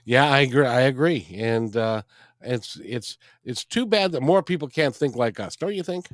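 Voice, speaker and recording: A man in his sixties talking easily in an interview, halting and repeating his words. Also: medium pitch, expressive, no room sound, studio quality. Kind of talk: casual interview chat.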